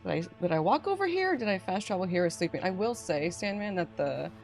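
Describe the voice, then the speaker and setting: A woman's voice: on the low side, big pitch swings, fast talker, vocal fry, darkish tone, faint music behind. Bubbly woman streamer, lots of laughs. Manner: bubbly, laughs often, reads chat aloud. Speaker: streamer host. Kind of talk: casual stream chat while gaming.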